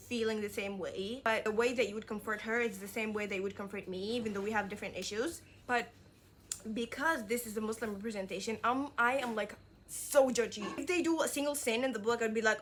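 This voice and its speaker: A woman whose first language is Arabic, chatting casually in a reading vlog, excitable and full of fillers. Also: on the high side, quick pace, a little hiss or hum. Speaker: book vlogger.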